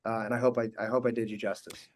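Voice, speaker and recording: A man in his forties, a guest on a talk show, telling animated funny stories and laughing often. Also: lowish voice, fast. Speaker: guest, actor and team owner. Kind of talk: casual interview storytelling.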